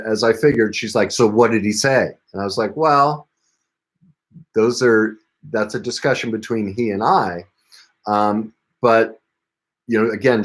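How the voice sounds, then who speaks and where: A man, a parenting coach, telling the story of a client session and acting out both sides of the dialogue. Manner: retells dialogue, rising in pitch when quoting himself. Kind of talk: storytelling talk about a client case.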